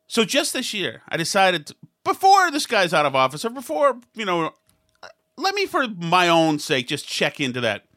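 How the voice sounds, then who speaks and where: Bright-voiced sarcastic talk show commentator. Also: mid-range voice, huge pitch swings, normal speed. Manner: rambling, sarcastic, mimics others in quotes; frequent restarts and asides.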